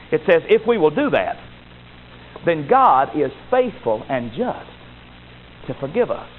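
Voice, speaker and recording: A man with a high voice delivers a sermon, his pitch swooping vividly from loud exclamations down to low asides. The recording sounds thin and phone-like, with a faint hiss underneath.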